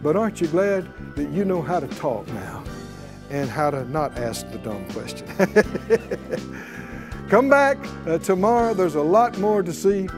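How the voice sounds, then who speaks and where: A man's voice: high voice, lively intonation, unhurried, over music. A man teaching a Bible class in a preaching style, emphatic and calling on his audience for responses.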